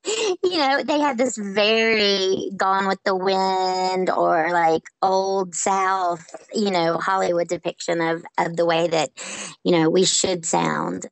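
A woman's voice: mid-range voice, takes it slowly, dry recording, rough recording. Laughing Southern woman on a video call. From Memphis, Tennessee. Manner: animated, laughing, quotes others in voices. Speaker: interviewee. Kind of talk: casual interview. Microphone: Skype call.

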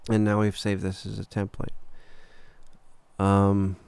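A man teaching a recording workflow in a screen-recorded tutorial, relaxed and casual, talking through each step with filler words and the odd "boom". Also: slow, vocal fry, smooth, no echo. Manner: relaxed, talks through steps as he clicks, frequent "uh" and "boom". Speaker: recording engineer teaching software.

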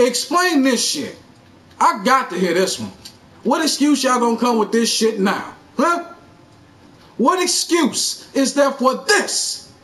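A man hosting a gaming channel, ranting about a video game in an angry, sarcastic and profane way, shouting in bursts of outrage. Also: very high-pitched. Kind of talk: angry gameplay rant.

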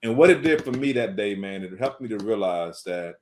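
A man's voice: on the low side, brisk, a little hiss or hum. A man, a food business owner, telling an earnest, faith-filled story as a podcast guest, repeating casual words as he goes. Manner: animated, repetitive storytelling full of "man" and "bruh".

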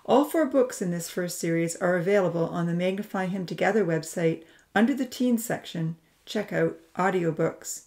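A woman narrator reading closing notes for a book series in a slow, measured way. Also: on the low side, a little mellow. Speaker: audiobook narrator.

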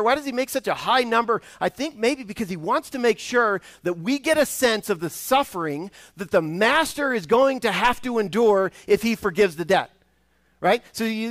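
A man's voice: high voice, a bit bright, no echo. A man, a guest preacher in a church, giving a conversational sermon with frequent restarts and acted-out voices from a parable. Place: church sanctuary.

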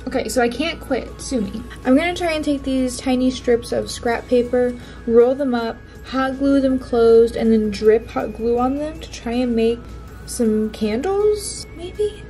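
A chatty young woman narrates her crafting project in a fairly high voice, talking half to herself and often dropping into soft asides. Faint music plays underneath her voice. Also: a little slow. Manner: chatty, talks to herself while working, drops to soft asides. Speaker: crafting vlogger. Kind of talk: casual crafting vlog narration.

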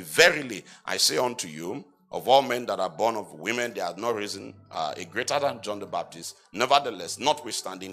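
A male apostle's church sermon: slow, emphatic readings of scripture in antiquated language, followed by rhetorical questions he throws at the congregation and answers on his own. At times he builds to loud, high-pitched exhortation.

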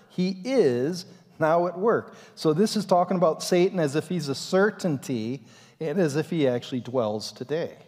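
A male pastor delivers a dramatic sermon, his voice sitting a little high and leaping all over its range. His lines carry into a long church reverb. He drives each point with animated emphasis. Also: normal speed. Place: church sanctuary.

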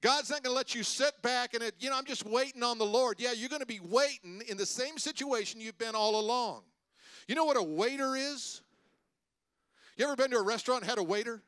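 A man pastor preaching a sermon, telling stories and swinging between loud preaching and hushed asides. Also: very high voice, clean tone, dry recording. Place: church sanctuary.

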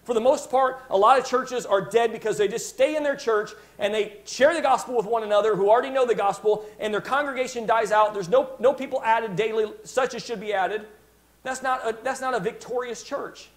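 A man's voice: very high voice, brisk. A man preaching a sermon as pastor, emphatic, stopping to restart phrases and asking his congregation "Amen?".

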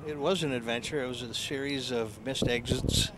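A middle-aged man answering as a guest in a hesitant, plainspoken way, pausing often. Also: mid-range voice, steady tone, background noise. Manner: hesitant, plainspoken, pauses with ands and uhs.

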